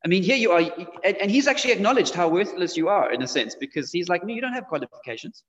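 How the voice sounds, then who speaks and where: A man preaches in a relaxed, conversational way, talking straight to the people in front of him. His voice sits a little high for a man. The sound is dull and lo-fi, with a long reverb trailing through a church hall. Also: fast. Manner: conversational preaching, speaks directly to the congregation. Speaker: pastor. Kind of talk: sermon.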